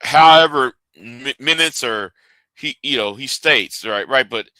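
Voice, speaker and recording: A man's voice: mid-range voice, unhurried, sharp tone, no room sound. A man hosting a live stream, ranting and arguing, often stumbling and repeating his words as he restarts sentences.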